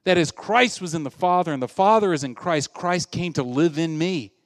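A pastor giving a sermon to his congregation in earnest preaching style, swinging between loud emphasis and soft asides. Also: fairly high pitch, moderate pace, no room sound, clean studio sound, long reverb tail.

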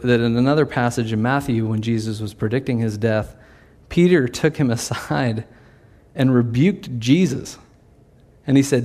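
A man's voice: medium pitch, moderate pace, darkish tone. A man preaching a sermon in a conversational way, sometimes acting out the voices of the people in his story. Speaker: pastor.

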